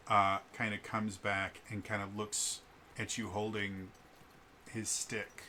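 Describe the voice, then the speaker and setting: Male game master, bright and forward, slow and halting narration. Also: fairly low pitch, a little hiss or hum.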